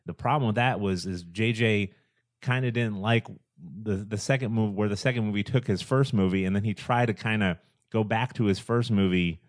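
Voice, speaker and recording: A man co-hosting a casual podcast, talking through film plots in an animated, rambling way, full of restarts and rhetorical questions. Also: lowish voice, moderate pace, dry recording, studio quality. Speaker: podcast co-host.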